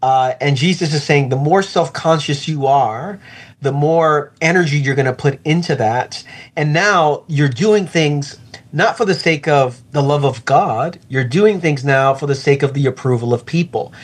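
A man who is a pastor, speaking in an earnest, reflective way in a conversational interview and slowing down to stress his points. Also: on the high side. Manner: earnest, reflective, slows for emphasis.

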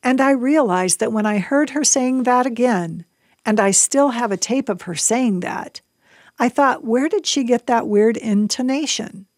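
A woman reading a Christian book aloud on a radio program, in a measured, earnest way. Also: a little high, darkish tone, dry recording, clean studio sound. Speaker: book reader.

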